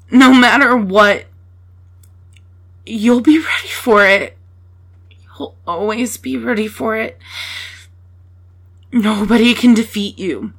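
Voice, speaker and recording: A woman in a whispered role-play, speaking softly and reassuringly to the listener, swearing casually as she comforts them. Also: a little high.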